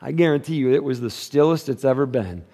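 A middle-aged male pastor preaching a sermon, joking and animated, then dropping to a hushed, earnest tone. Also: medium pitch, brisk.

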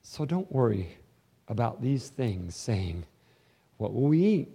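A man preaching a sermon as pastor, swinging between hushed, intimate passages and loud, fervent ones. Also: medium pitch, sing-song, slow, vocal fry, breathy edge.

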